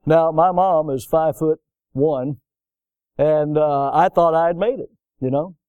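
Folksy preaching man, mellow voice. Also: mid-range voice, smooth, dry recording, dull audio. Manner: folksy storytelling, swings from loud emphasis to soft. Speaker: pastor. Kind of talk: sermon.

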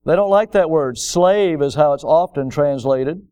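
A man's voice: on the high side, a little slow, mellow, clean tone. A middle-aged man preaching a sermon as pastor, building to emphatic, impassioned peaks.

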